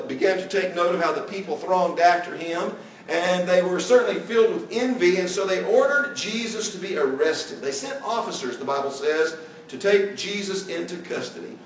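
A man's voice: high voice, slight background noise. A man preaching an earnest sermon in a church, his emphasis rising and falling as he acts out the voices he quotes. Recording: echoey room, mic at a distance.

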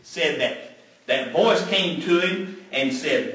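A man's voice: on the high side, slow pace, a bit bright. A man preaching a sermon, retelling scripture with emphatic repetition and a storytelling manner. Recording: very echoey room, mic far off.

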